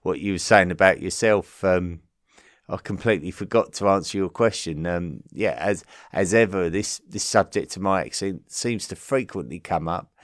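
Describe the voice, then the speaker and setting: A man with an Essex accent hosts his podcast, thanking listeners in a low voice. He stumbles and restarts often, leaning on ums as he goes. The sound is dry and close. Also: normal speed, dry recording. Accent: Essex English. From Essex, southeast England. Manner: hesitant, many ums and restarts. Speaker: podcast host. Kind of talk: casual listener-mail chat.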